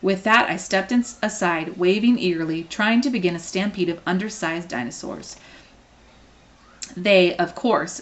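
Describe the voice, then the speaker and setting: A woman reading a children's novel aloud, expressive and playful. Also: lowish voice. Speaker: reader.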